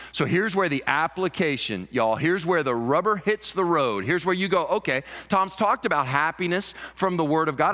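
A pastor preaches to his congregation in a church sanctuary, his voice sitting a little high for a man. He talks in an animated way and repeats words as he builds toward a point. A long reverb from the large hall trails behind each phrase. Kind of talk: sermon.

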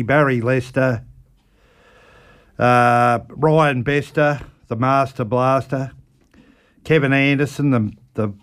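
A man's voice: medium pitch, clean tone. A man with an Australian accent giving a casual lawn bowls report on community radio, rambling with frequent fillers. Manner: rambling, with frequent ums and uhs.

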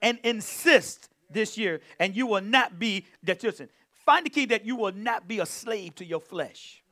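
High, lively, bright-voiced fervent pastor. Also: male voice, normal speed. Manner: fervent, exclaiming and humming between points; calls on the congregation to respond. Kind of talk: sermon.

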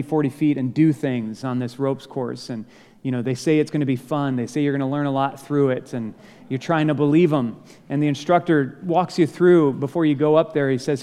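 A male pastor delivering a sermon in a mid-pitched voice, easygoing and conversational with touches of self-deprecating humor. He slips into quick acted-out dialogue now and then. His voice carries a long reverb from the large hall around him. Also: mellow. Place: church sanctuary.

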